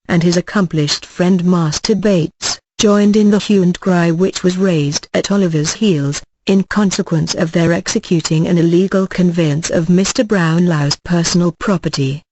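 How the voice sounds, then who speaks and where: An audiobook narrator reading a classic novel aloud in a steady, measured way. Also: medium pitch, rough recording.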